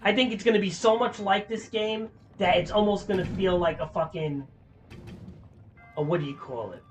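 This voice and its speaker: Ranting high-voiced male streamer. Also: moderate pace, a little hiss or hum. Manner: frustrated, profane ranting. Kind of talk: casual gameplay commentary.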